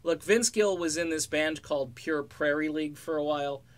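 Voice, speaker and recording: A man's voice: fairly high pitch, moderate pace. Sarcastic rambling male music commentator. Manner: sarcastic, rambling, joking asides. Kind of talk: casual spoken commentary.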